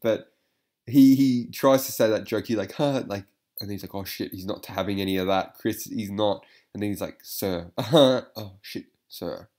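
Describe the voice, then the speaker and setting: A man's voice: lowish voice, fairly even intonation, moderate pace, mellow. A man giving casual reaction commentary, rambling with lots of fillers, swearing and frequent laughter.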